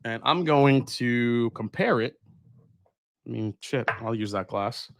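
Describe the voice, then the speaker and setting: A middle-aged man chats casually on a live stream, unboxing and answering his viewers. He rambles and thinks out loud with plenty of fillers and restarts, in a mid-range voice. The sound is close and dry. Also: mid-range voice, takes it slowly, vocal fry, dry recording. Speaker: whiskey reviewer hosting a live stream.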